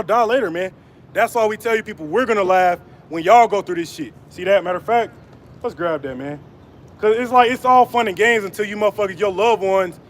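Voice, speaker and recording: A man preaching on the street during a live stream, profane and mocking, laughing between taunts and reading scripture slower and louder. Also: sits high. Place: outdoors on an urban street.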